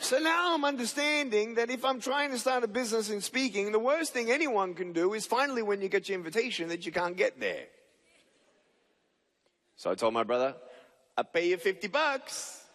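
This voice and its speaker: In a reverberant hall at a large stage venue, a young motivational speaker tells a story to a live audience, voicing both sides of the dialogue. His voice is high-pitched, animated, brisk, and a bit bright.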